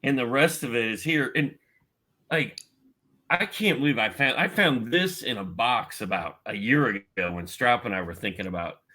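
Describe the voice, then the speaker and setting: A middle-aged man from Indiana, USA, appears as a podcast guest in a casual chat and animatedly tells a personal story, acting out the voices of the people he quotes. His mid-range voice is expressive, bright and forceful, at normal speed.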